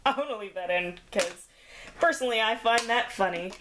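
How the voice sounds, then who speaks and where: A woman's voice: on the high side, lively intonation, normal speed, noisy background. A woman chatting casually while making a craft, self-deprecating and laughing often, a little out of breath. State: slightly out of breath. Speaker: craft vlogger.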